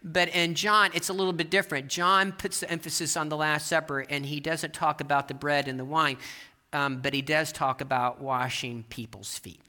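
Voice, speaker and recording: Sermon preacher, bright tone, animated pacing, repeats lines for emphasis. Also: mid-range voice, normal speed. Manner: animated, shifting pace, rising to emphatic peaks; repeats phrases and restarts as he builds. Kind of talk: sermon with storytelling. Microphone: presenting with slides.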